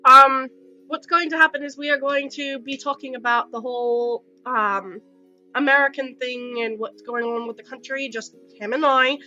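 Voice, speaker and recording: A woman's voice: high voice, steady tone, normal speed, sharp tone, dull audio, soft background music. A woman hosting her channel over a webcam call, in rambling, sarcastic casual chat with plenty of swearing and a British-sounding accent. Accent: British-sounding, put on. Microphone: webcam with Skype call.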